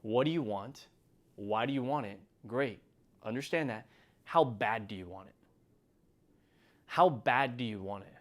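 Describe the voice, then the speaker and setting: A middle-aged man giving an emphatic motivational talk as the host, building from calm reflection to near shouting. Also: mid-range voice, unhurried, long pauses. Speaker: motivational speaker.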